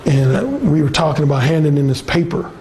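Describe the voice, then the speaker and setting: A man's voice: a little high, sing-song, fairly quick, warm tone, a little hiss or hum. A man coaching a class on dating through bold, profane, swaggering stories. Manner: bold, blunt, swaggering, lots of cursing. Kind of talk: profane storytelling lecture.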